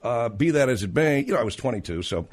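A man's voice: medium pitch, animated, fast, husky. A man hosting a radio talk show, telling rambling anecdotes with many fillers and restarts.

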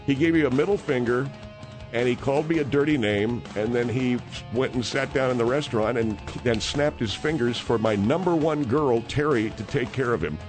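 A man's voice: medium pitch, moderate pace, music in the background, lightly acted. A man doing a rambling boastful steakhouse owner. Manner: rambling, self-important storytelling. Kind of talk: radio comedy monologue.

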